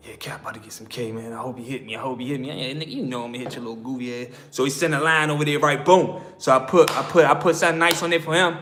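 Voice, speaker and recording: A man's voice: mid-range voice, sharp tone, a little hiss or hum. A man with an American accent telling a prison story in casual slang, acting out the voices of the people he quotes. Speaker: prison story channel host.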